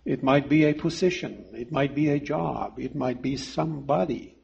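A man in his fifties preaching a sermon, delivering it slowly and emphatically with deliberate pauses. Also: mid-range voice, vocal fry, darkish tone, breathy edge, muffled recording.

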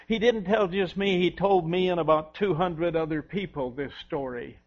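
A man giving a children's sermon, telling a story gently to the children. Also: on the high side. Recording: dull lo-fi recording.

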